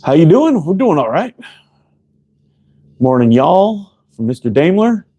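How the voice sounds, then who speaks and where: A slightly high-voiced man hosts a relaxed livestream from close to the camera. He talks in a loose, easygoing way, peppers his speech with profanity, and calls out viewers by name as he works. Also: measured pace, muffled recording. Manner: laid-back, profane, greets viewers by name. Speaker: livestream host and slingshot maker. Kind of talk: casual livestream chat while woodworking. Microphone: camera close up, leaning in to read chat.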